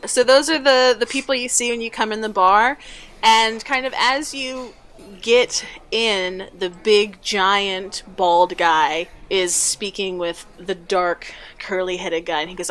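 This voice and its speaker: A woman's voice: mid-range voice, steady tone, slow pace, fairly bright tone. Casual woman game master narrating. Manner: casual, with fillers and laughs.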